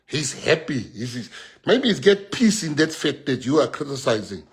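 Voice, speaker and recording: A South African man, a party leader addressing his supporters in an impassioned speech that swings from loud exhortation to hushed personal storytelling. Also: a little high, moderate pace, husky. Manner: animated, switches between shouting and hushed storytelling.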